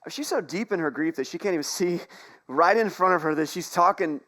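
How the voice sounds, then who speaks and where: A man with a slightly high voice delivers a sermon in a church sanctuary. He tells the story in a conversational way, slipping in playful asides and quick jokes as he goes. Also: lively intonation, a bit bright. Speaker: pastor.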